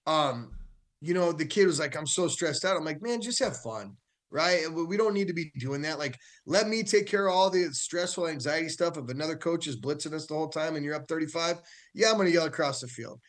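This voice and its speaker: An upbeat american man talking football on a radio show, his voice sitting a bit high. he laughs easily and often restarts his sentences as he goes. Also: lively intonation, a little fast. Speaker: high school football coach, weekly guest. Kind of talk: casual radio show chat.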